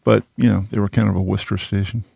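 A middle-aged podcast host from the Boston area, Massachusetts, runs a casual interview, chatty and rambling with self-deprecating asides. His voice is fairly low, gravelly and warm with little pitch movement, and he talks fast. The recording is dry and studio quality.

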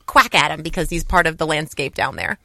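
Middle-aged woman TV journalist, bright forceful tone, fast eager storytelling. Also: sits low, creaky, no room sound, studio quality. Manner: enthusiastic, quick storyteller. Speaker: television journalist and show host. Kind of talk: casual interview chat.

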